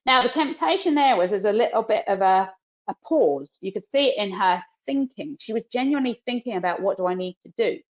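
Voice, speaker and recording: A woman with a New Zealand accent, a dog trainer teaching a live demonstration. She explains each step and breaks off to cue and praise her dog softly. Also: on the high side, lively intonation, brisk. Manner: explains while cueing the dog, soft praise. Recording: dull lo-fi webinar audio.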